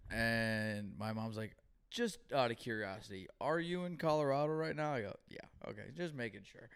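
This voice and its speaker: A man's voice: mid-range voice, moderate pace, a bit bright, smooth. A young man co-hosting a podcast, telling stories in casual chat with lots of swearing and acted-out dialogue. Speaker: podcast co-host.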